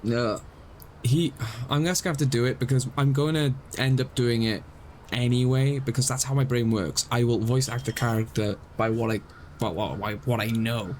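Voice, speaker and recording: A man's voice: medium pitch, fairly even intonation, moderate pace, a little mellow, a little hiss or hum, rough recording. A young man streaming a game live, rambling and explaining himself self-consciously as he talks.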